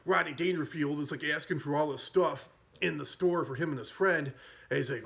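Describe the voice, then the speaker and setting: A man's voice: a little high, fairly quick, vocal fry, fairly bright tone. A man hosting a podcast, casually retelling film scenes in a rambling way and chuckling as he goes. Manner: rambling, chuckles at his own stories. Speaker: podcast host.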